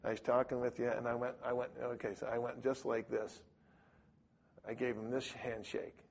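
A middle-aged man preaching a sermon with a husky voice, telling stories and acting out the voices in them. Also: mid-range voice, normal speed. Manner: animated storyteller who acts out voices in his stories. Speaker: preacher or Bible teacher. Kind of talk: storytelling sermon to a live audience.

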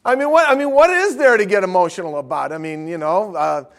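A male pastor preaches with a notably high voice, his passion rising into urgent, near-shouted declarations before dropping into soft, joking asides. He is heard from a distance in a large hall. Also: brisk, creaky. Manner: impassioned, swings from shouting to quiet joking. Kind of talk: sermon.

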